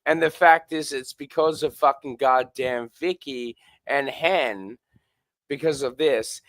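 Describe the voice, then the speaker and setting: A man's voice: medium pitch, slow, fairly bright tone, dry recording. A man ranting in combative, heavily profane casual talk. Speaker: show co-host.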